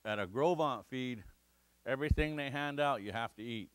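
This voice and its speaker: A middle-aged man from the Crow Nation in Montana tells a story to a lecture audience, acting out the shouts and the lines of the people in it. His voice is bright and crisp, with a smooth clarity. The sound is dry and close. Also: mid-range voice, normal speed, dry recording. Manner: animated storyteller, acts out shouts and quotes. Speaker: guest lecturer. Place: lecture hall.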